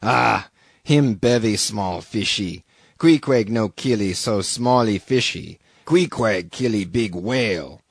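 A man voicing a calm harpooner who speaks mildly in slow, broken phrases. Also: mid-range voice, no room sound, studio quality, natural voice. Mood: disdainful. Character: calm, disdainful male harpooner with broken speech.

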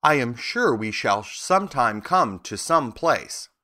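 A man's voice: mid-range voice, big pitch swings, slow pace, sharp tone, exaggerated voice. A man reading aloud and voicing an earnest young girl in a raised voice. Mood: hopeful.

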